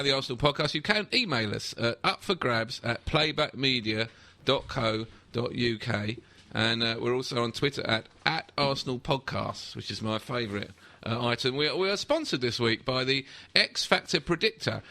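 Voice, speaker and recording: A man's voice: mid-range voice, lively intonation, vocal fry, pushed and bright. A man hosting a football podcast, joking with his co-hosts and reading the show's plugs. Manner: jokey, quick with gags, reads the show plugs. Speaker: podcast host. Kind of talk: casual football chat.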